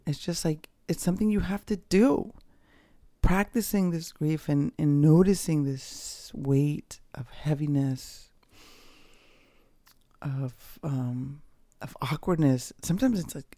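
A podcast host talking casually and candidly about personal experience, swearing freely and pausing often. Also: mid-range voice, gravelly, mellow, dry recording. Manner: slow, pausing delivery with fillers. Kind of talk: reflective personal talk.

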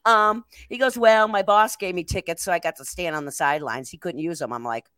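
This older woman speaks a little fast in a lowish voice with no room sound. Co-hosting a laid-back chat podcast, she spins a lively tale full of frequent laughter.

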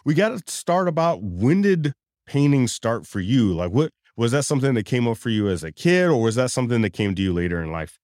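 A man's voice: medium pitch, sing-song, a little fast, darkish tone, no echo, clean studio sound. A man hosting an interview podcast, casual and enthusiastic. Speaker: podcast host.

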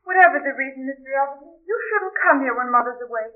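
Very high, lively-voiced young ghost daughter, pleading and anxious, thin old radio sound. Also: female voice, quick pace. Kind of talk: 1940s radio acting. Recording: tinny old radio recording.

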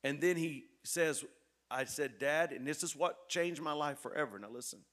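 A pastor telling a story in a sermon, earnest and repetitive, dropping soft and then rising loud. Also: male voice, fairly high pitch, moderate pace.

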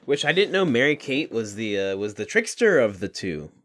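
A man's voice: mid-range voice, very animated, normal speed, a bit bright. A man co-hosting a podcast in casual chat, often chiming in with short agreements and laughs. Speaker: podcast co-host.

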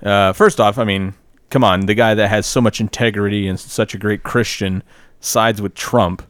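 A man's voice: fairly low pitch, fairly even intonation, moderate pace, fairly bright tone, clear, resonant tone, no echo, clean studio sound. A man co-hosting a podcast in casual political chat, blunt and profane, leaning on "like" as filler. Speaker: podcast co-host.

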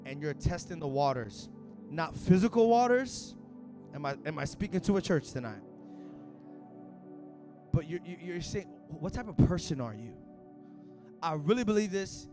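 A pastor preaches to his church in loose, slangy talk, rising now and then into shouted passages. His voice sits high for a man. Faint music plays under the recording. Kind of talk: sermon. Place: church service.

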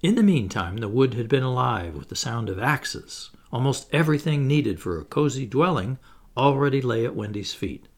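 A man reading a children's story aloud in a gentle, expressive narration. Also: mid-range voice, normal speed. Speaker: audiobook narrator.

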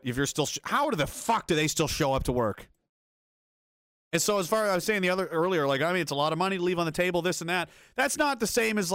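A man with a slightly high voice delivers a heated, profane rant while reacting to news clips. His tone is sarcastic and fed up. The sound is dry and close, with no room echo. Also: a bit bright. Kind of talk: ranting video commentary.

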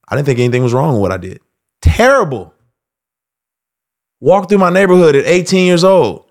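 A man hosting a casual commentary monologue, animated, acting out quoted voices with loud outbursts. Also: on the high side, a little fast, vocal fry, long pauses. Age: adult. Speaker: host.

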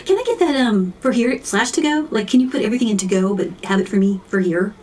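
A woman's voice: medium pitch, animated, quick pace, a little mellow, far from the mic, a little hiss or hum, natural voice. Comedy sketch: a woman doing a fussy, dithering customer at a coffee counter, a bit off-mic. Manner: dithering, hesitant, full of ums.

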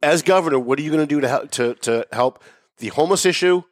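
A man's voice: fairly high pitch, quick pace, dry recording, studio quality. A man hosting a casual interview, asking blunt, challenging questions with a joking edge. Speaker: talk show host.

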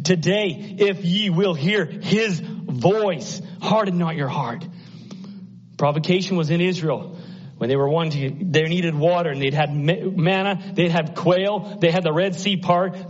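A man preaching a sermon, moving between urgent, raised exhortation and soft, hushed near-whispers. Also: sits high, husky. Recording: muffled lo-fi sound.

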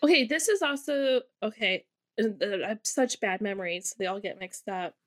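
A woman's voice: mid-range voice, animated, normal speed. A woman, a guest on a podcast, chatting casually; she sounds nervous, laughs often and runs herself down. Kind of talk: casual chat.

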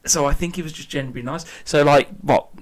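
A man's voice: a little high, fast talker. A man in his late twenties from England, co-hosting a casual chat and telling stories animatedly, acting out quotes with laughs. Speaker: podcast co-host.

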